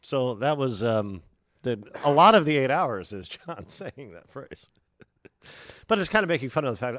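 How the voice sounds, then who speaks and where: Lively-voiced, hedging podcast man. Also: medium pitch, no room sound. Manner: thoughtful, hedging, many "uh" and "um" pauses. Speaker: podcast co-host. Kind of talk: casual chat.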